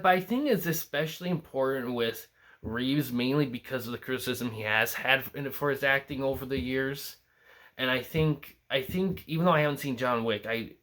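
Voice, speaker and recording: A man's voice: medium pitch, a bit bright. A young man hosting a casual film review, talking alone and rambling through many restarts and fillers. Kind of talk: casual solo film commentary.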